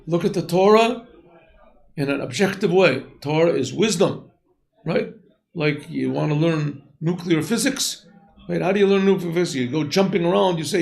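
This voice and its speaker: Male rabbi leading a Torah class, high voice with a gravelly edge, clears his throat often. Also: lively intonation, normal speed. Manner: alternates Hebrew text with English explanation. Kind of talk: Torah lesson. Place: yeshiva classroom.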